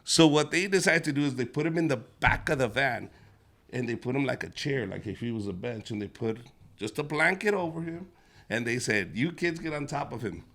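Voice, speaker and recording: Bright, gravelly-voiced comedian telling a story. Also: male voice, mid-range voice, fairly quick. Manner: profane, animated storytelling. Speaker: comedian and host. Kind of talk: stand-up storytelling in a writing session.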